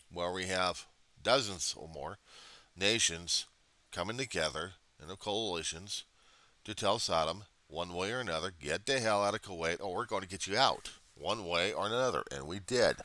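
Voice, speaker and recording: A man's voice: low-pitched, sharp tone, no echo. An American man vlogging a rambling, profane history monologue, full of digressions and self-corrections. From United States.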